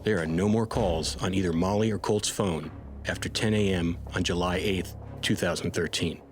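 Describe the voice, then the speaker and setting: A man co-host giving scripted true crime narration in a steady, serious way. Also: deep voice, normal speed, soft background music. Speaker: podcast co-host.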